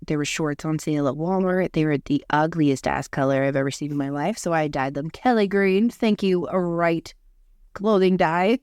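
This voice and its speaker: A young woman co-hosting a podcast in casual chat, talking in a flat monotone, hoarse after losing her voice. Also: fairly low pitch, no echo, studio quality. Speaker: podcast co-host.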